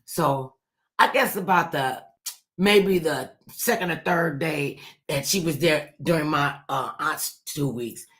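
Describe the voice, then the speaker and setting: A woman radio host telling a family story with lively, animated delivery, acting out the voices of relatives. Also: deep voice, slow pace. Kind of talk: storytelling on a talk show.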